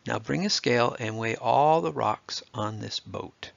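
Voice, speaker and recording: A man's voice: mid-range voice, measured pace, vocal fry, fairly bright tone, no echo, muffled recording. A man voicing a clever, confident small boy in a storybook, who speaks eagerly.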